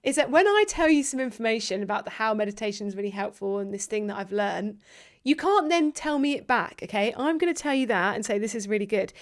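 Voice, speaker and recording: A woman hosting a podcast, chatting casually, jokey and quick to swear. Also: mid-range voice, animated. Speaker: podcast host, editor. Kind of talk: casual chat.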